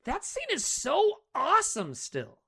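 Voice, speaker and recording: A woman's voice: high voice, unhurried, creaky. A woman co-hosting a podcast, recapping a movie in casual, profane chat. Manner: animated, profane movie recap full of acted quotes. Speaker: podcast co-host.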